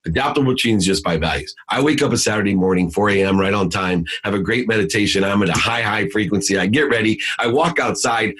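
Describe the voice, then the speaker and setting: A middle-aged man, a podcast guest, telling a motivational story in an intense, emphatic way that swings between loud and hushed. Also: fairly low pitch, fast talker, few pauses.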